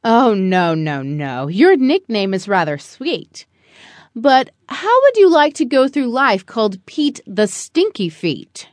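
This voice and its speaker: A woman voicing a loving father in a children's story, speaking softly and gently, a little lower than her own voice. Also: sing-song, takes it slowly, no room sound. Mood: teasing. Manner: soft, sighing, gently lowered.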